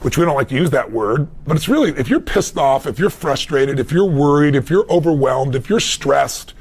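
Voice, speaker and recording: Gravelly emphatic male motivational speaker. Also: on the high side, expressive, moderate pace. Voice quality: gravelly, husky. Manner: emphatic storytelling, shifting loud and soft. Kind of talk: conversational interview answer.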